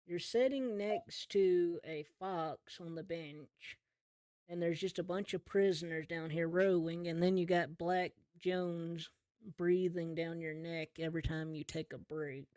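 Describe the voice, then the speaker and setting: A man running a tabletop game as game master, narrating in an easygoing, slow descriptive way. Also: fairly high pitch, steady tone, a little mellow, clear, resonant tone, dry recording.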